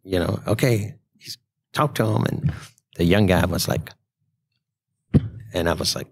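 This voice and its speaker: A man's voice: sits low, a little slow, pauses often, husky, no echo, clean studio sound. A man, a podcast guest telling a casual story and acting out the quotes in a raised voice. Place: trade show.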